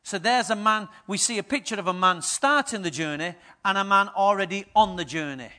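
A man in middle age delivers a sermon to his church with a high, forceful, bright voice. He tells stories in a lively way and acts out the people in them. He swings between quiet, confiding asides and loud, punchy lines. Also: a little fast. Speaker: pastor.

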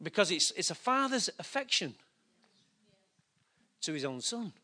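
A man's voice: sits high, very animated, unhurried, sharp tone. A middle-aged man preaching a sermon, telling a personal story in a chatty, self-mocking way. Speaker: pastor.

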